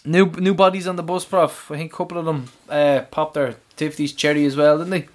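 Easygoing Irish podcast host. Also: male voice, on the high side, flat delivery, fairly quick. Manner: easygoing, chatty banter. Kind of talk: casual chat.

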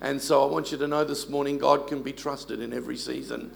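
Gravelly-voiced pastor in his sixties. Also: mid-range voice, little pitch movement, a little fast, slight background noise. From Australia. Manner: warm storytelling with self-deprecating humor. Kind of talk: sermon.

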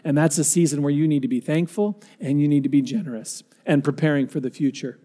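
A man's voice: fairly high pitch, quick pace, dark tone. A male pastor preaching a sermon in a conversational, storytelling way, asking the congregation questions.

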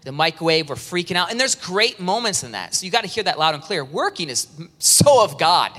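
A man preaching an animated sermon, acting out worried churchgoers in a high, strained voice. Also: brisk. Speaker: pastor. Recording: reverberant hall sound.

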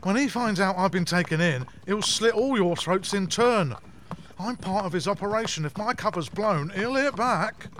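A man's voice: sits high, lively intonation, normal speed, fairly bright tone, slight background noise. An actor playing a cornered, blustering male crook. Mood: threatening. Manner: blustering, then pleading.

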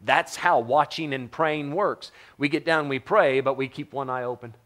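A man's voice: medium pitch, normal speed, fairly bright tone. A middle-aged man from the United States preaching a sermon in a conversational, joking way, often putting questions to the congregation. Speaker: pastor.

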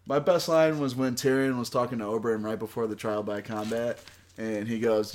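A man's voice: mid-range voice, steady tone, brisk, a little mellow. A man hosting a casual TV recap podcast, laughing often as he leads the talk. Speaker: podcast host. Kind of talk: casual chat.

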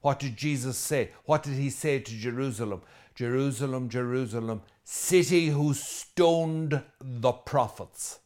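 Irish priest preaching a lively sermon. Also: male voice, mid-range voice, measured pace, few pauses. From Ireland. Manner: lively and conversational, with asides and jokes; emphatic, repeating key phrases.

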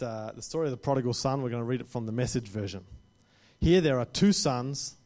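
A man's voice: medium pitch, a little mellow. A man preaching a sermon to a congregation, speaking conversationally and often checking in with "right?".

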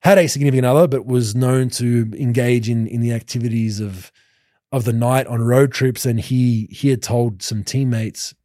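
A man in his thirties, a podcast host who played pro basketball, telling lively anecdotes with many restarts and laughs. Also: medium pitch, moderate pace, dry recording, studio quality. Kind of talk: casual storytelling chat.

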